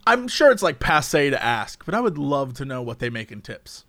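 A man's voice: mid-range voice, sing-song, moderate pace, fairly bright tone, dry recording. A young man in casual chat, thinking aloud and musing with restarts.

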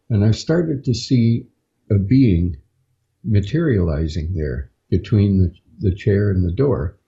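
A man, a podcast guest, telling his own story in a casual, halting way with frequent "uh" fillers. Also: low-pitched, warm tone, highs cut off. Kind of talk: casual first-person storytelling.

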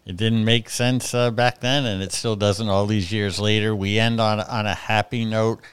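A man's voice: fairly low pitch, level tone, moderate pace, smooth, dry recording. A man hosting a conversational interview, asking questions and laughing along with his guest. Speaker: interviewer, host.

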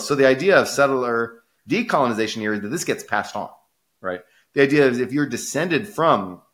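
A man co-hosting a casual podcast discussion, arguing animatedly and often checking in with "right?". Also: medium pitch. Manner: animated, rhetorical, keeps asking "right?". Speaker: podcast co-host.

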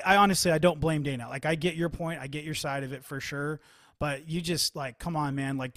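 Talkative man, slightly high voice. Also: no echo, studio quality. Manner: animated, quotes others, many restarts. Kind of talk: casual sports chat.

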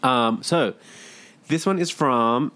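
A man co-hosting a podcast in casual chat, talkative and quick to laugh, with a stuffy nose. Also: medium pitch, sharp tone. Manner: chatty, laughs easily. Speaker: podcast co-host.

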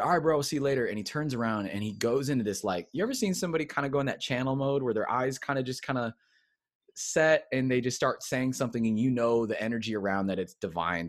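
Middle-aged male interview guest, animated storyteller, acts out quotes; mid-range voice. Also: mid-range voice, no echo, clean studio sound. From United States. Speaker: guest, creative coach.

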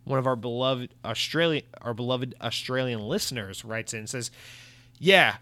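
An American man hosts a casual gaming podcast, rambling along as he reads listener comments and reacts with animated asides. His voice sits at an ordinary middle pitch and is recorded dry and close, with no room sound around it. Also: a little fast, no room sound. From United States. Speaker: podcast host. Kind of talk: casual solo podcast chat.

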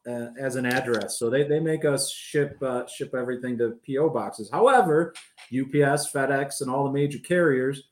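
A man's voice: mid-range voice, echoey room. A man guesting on a fan podcast, telling stories in an easygoing way with many fillers. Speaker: guest, fan club organizer. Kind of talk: casual chat.

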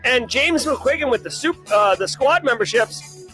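High, bright Boston host. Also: male voice, normal speed, soft background music. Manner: energetic, rambling, self-joking. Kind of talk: casual live-stream chat.

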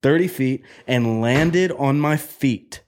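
A man casually telling a story on a podcast, animated and profane, acting out the other people in it. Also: medium pitch, slow pace. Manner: animated, profane, acts out quotes in a loud excited voice.

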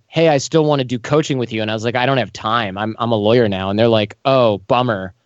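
Animated man telling stories in an interview. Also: medium pitch, no room sound, lo-fi sound. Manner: animated, acts out quoted voices. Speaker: podcast host as guest. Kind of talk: casual storytelling interview.

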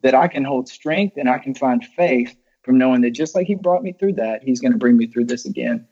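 A man's voice: mid-range voice, brisk, mellow, slightly rough. A man speaking earnestly on a panel, often repeating his phrases. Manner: earnest, faith-focused, repeats himself. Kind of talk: conversational panel discussion. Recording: dull lo-fi audio.

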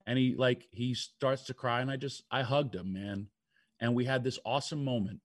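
An older man spins loose, meandering stories on a talk show, with plenty of "you know" and "like" along the way. His voice sits at a middle pitch. The sound is dry and close, with no room around it. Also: fairly even intonation, normal speed, no echo. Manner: rambling storyteller, lots of fillers. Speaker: wrestling radio co-host. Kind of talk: casual radio talk.

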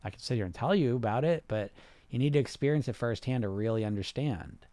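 A weight loss hypnotist who hosts a podcast gives a casual coaching talk in a mellow, medium-pitched male voice, speaking fast over a dry recording. He talks conversationally, restarts sentences, tacks "right?" onto them, and reads viewer comments aloud.

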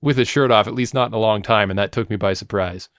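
A man's voice: on the low side, quick pace, fairly bright tone, no room sound, clean studio sound. A man hosting a casual podcast chat, swearing freely and laughing as he talks. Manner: profane, enthusiastic, laughs often. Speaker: podcast host.

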